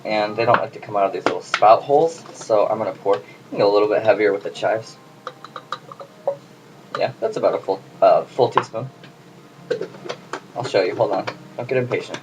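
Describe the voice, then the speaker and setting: A man's voice: fairly low pitch, a little fast, long pauses. Chatty man cooking at home. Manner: chatty, jokey, talks to the camera while working. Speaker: home cooking video host. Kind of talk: casual cooking demonstration. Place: home kitchen. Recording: noisy home recording.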